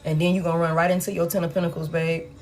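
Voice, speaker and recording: Lady tarot reader talking straight to the viewer, blunt, swears a lot, lowish voice, soft music behind. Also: flat delivery, very fast. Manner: blunt and frank, swears casually, repeats for emphasis. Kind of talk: live tarot reading, casual chat.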